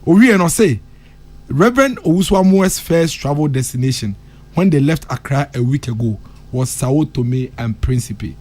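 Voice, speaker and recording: A male radio discussion panelist from Ghana, with a Ghanaian accent, speaks impassionedly on a morning talk show, mixing English and Twi and repeating phrases to drive points home. His voice is on the high side with a darkish tone.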